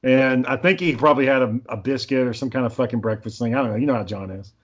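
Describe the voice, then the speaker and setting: A man's voice: mid-range voice, fast, highs cut off. A man telling rambling stories in a casual chat, swearing constantly, an amateur filmmaker. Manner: rambling storyteller, heavy swearing.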